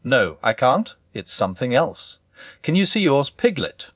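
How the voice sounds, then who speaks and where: A man voicing an excitable young male kangaroo who chatters eagerly. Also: medium pitch, measured pace, no echo, muffled recording. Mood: excited.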